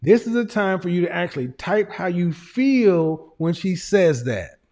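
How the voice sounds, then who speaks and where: A man's voice: high-pitched, sing-song, a little slow, a little mellow. A man hosting a livestream who gives relationship advice, lecturing emphatically, repeating himself and swearing at times. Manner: emphatic, repetitive lecturing with profanity. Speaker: livestream host.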